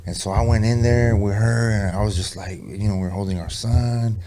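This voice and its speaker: Deep-voiced, profane storytelling man. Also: brisk, slight background noise. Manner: rambling and profane, with slangy asides; drops low and quiet for eerie moments. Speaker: podcast guest, rapper. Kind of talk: casual storytelling interview.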